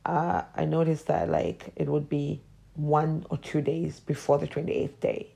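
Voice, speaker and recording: A woman in her forties speaks alone on her podcast, reflecting on personal memories in halting, searching sentences. Her voice sits low and dark with a gravelly fry. Now and then she drops into a near whisper. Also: level tone. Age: 40s. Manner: hesitant, drops into whispers when emotional. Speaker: podcast host.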